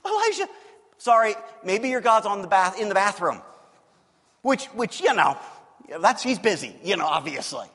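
High-voiced animated preacher in a big hall. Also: male voice, normal speed. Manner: animated, jokey storytelling with acted-out quotes. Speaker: pastor. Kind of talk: sermon. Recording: long hall reverb.

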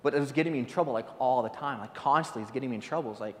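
A man's voice: mid-range voice, rapid-fire. A man giving an informal guest sermon, talking off the cuff with many stumbles, repeated words and restarts. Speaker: guest speaker. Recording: long hall reverb.

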